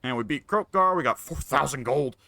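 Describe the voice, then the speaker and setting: A man's voice: medium pitch, expressive, a little fast, bright, forceful tone, no room sound. A man casually commenting on his own strategy game, musing and wry, talking half to himself. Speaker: gameplay commentator.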